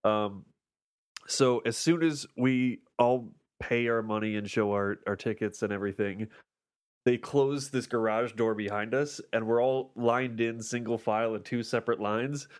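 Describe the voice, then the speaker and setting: A man's voice: medium pitch, steady tone, unhurried. A man in his twenties, casually telling a joking story as a podcast co-host. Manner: chatty storyteller, jokey. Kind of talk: casual chat.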